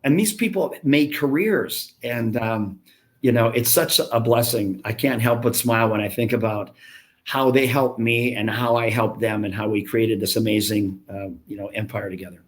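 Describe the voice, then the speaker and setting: In his fifties and founder of a gym franchise, this podcast guest spins frank, talkative tales that poke fun at himself during a relaxed interview. He speaks in a lowish voice at a moderate pace.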